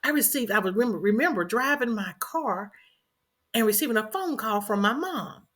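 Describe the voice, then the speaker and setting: Bright-voiced woman telling a story. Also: a little high, lively intonation, moderate pace. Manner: earnest, repeats phrases for emphasis. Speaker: podcast host. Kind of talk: reflective personal storytelling.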